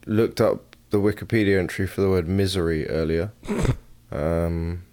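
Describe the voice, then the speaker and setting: A man's voice: low voice, a little slow, darkish tone. A man co-hosting a casual sports podcast, with a dry, wry sense of humor. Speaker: podcast co-host.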